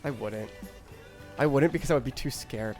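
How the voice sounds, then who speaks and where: A man's voice: mid-range voice, normal speed, faint music behind. Rambling, stammering male streamer. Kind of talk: crude casual stream chat.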